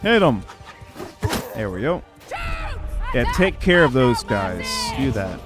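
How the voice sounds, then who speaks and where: Lively, opinionated male game streamer. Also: mid-range voice, slow, over music. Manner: opinionated, chatty, talks to viewers. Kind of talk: live gameplay commentary.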